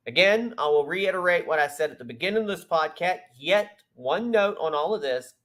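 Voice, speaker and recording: A man's voice: a little high, a bit bright. Sarcastic male podcast host. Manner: reads news aloud with sarcastic asides. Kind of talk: political commentary.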